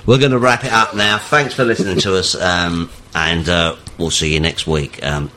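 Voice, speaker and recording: A man's voice: low voice, fairly even intonation, normal speed, pushed and bright, slight background noise. A man co-hosting a casual football podcast in a jokey way as he wraps up the show. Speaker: podcast co-host.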